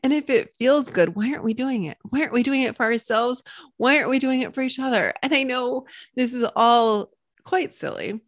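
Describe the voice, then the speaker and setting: A woman hosting a solo podcast into her computer mic, bubbly and excitable, often jumping into high, squealing cheerleader praise. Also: fairly quick, no echo, clean studio sound. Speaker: podcast host and coach.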